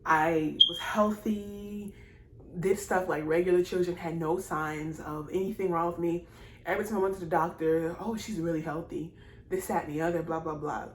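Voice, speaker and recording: A young woman vlogger with a low voice tells a personal story casually to camera, rambling, repeating herself and addressing viewers directly. Emotional, she apologizes and laughs through tears, speaking at a moderate pace with fairly even intonation in an echoey room with faint noise.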